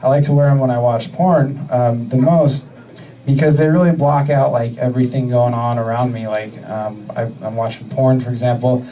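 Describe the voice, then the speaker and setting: A man in his thirties from the US Northwest doing a stand-up comedy set, with a deadpan, halting delivery full of fillers. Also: medium pitch, distant mic, rough recording. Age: 30s. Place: comedy club stage.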